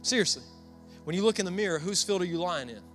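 A man's voice: high-pitched, animated, fast, fairly bright tone, faint music behind. A young Southern man with a Southern American accent, preaching a sermon in a storytelling, conversational way and asking the congregation questions. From Southern United States. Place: church before a congregation.

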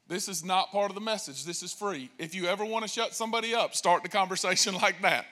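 High, bright-voiced male preacher. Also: fast talker. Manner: animated, joking storytelling with acted-out voices. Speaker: pastor. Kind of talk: sermon.

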